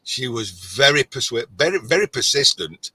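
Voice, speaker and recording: An older Irish man talking in loose, stop-start stories in a relaxed live chat. His voice is bright and forceful with a husky edge, and the sound is dry and close. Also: medium pitch, moderate pace, no echo, rough recording. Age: 60s. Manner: rambling, stop-start storytelling. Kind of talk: casual chat.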